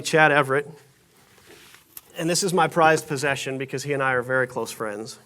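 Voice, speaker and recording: Higher-voiced man preaching a sermon. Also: fairly bright tone. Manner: conversational, self-deprecating storytelling with frequent restarts. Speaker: pastor. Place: church sanctuary stage.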